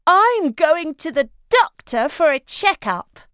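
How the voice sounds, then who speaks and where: Woman doing a jittery little boy cat for a storybook: high, eager, anxious. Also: sing-song, slow, fairly bright tone, dry recording, clean studio sound, heavily acted. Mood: excited. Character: excitable young boy cat, nervous. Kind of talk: storybook read-aloud.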